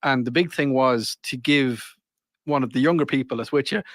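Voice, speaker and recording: A man's voice: mid-range voice, moderate pace, no room sound. A man with an Irish accent, co-hosting a casual podcast and telling stories, acting out the voices of people in them. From Ireland. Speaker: podcast co-host. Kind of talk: casual banter, storytelling.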